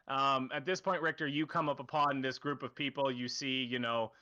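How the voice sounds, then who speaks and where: Bright-voiced man running a tabletop game. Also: mid-range voice. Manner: rambling, many fillers. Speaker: game master. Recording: dull lo-fi recording.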